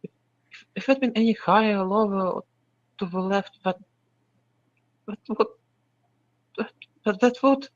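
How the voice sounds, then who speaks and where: A man reading a fan story, voicing a guilt-ridden, tearful young mare who pleads in a high, stammering voice. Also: normal speed, long pauses, no echo, lightly acted. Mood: sobbing. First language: Russian. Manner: high, strained, stammering pleas. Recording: dry, slightly muffled voice-chat audio.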